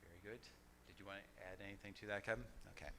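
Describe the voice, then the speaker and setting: A man chairing a church business meeting, speaking haltingly with many fillers and restarts. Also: fairly low pitch, pushed and bright, a little hiss or hum.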